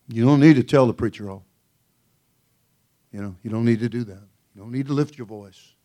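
A man's voice: medium pitch, brisk, long pauses, dark tone. A male senior pastor preaching a sermon in a folksy, joking way, often laughing and calling out "oh, brother.".

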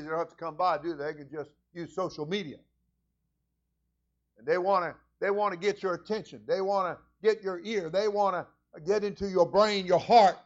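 High-voiced preaching pastor, man. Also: muffled recording. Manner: preacherly, swings from low asides to loud fervent prayer. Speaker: senior pastor. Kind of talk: sermon.

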